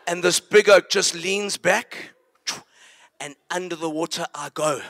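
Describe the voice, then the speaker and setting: A man preaching, telling a story in an animated way and acting it out. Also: sits high, a little slow, creaky. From South Africa. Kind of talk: sermon storytelling.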